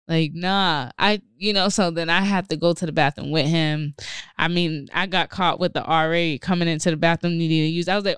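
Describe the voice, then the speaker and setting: A woman's voice: fairly low pitch, brisk, clear, resonant tone, dry recording, studio quality. A young woman hosting a podcast, telling a casual story with lots of slang and acted-out quotes. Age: young adult. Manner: animated storyteller, acts out quotes, profane slang. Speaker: podcast host.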